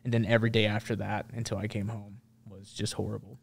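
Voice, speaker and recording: A man in his thirties, a podcast guest, telling a long story in loose, casual talk. His voice sits slightly low, and he keeps stopping on "like", "uh" and restarts. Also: little pitch movement, quick pace, creaky, breathy edge. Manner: rambling, heavy on fillers like "like" and "uh". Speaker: guest, Marine veteran.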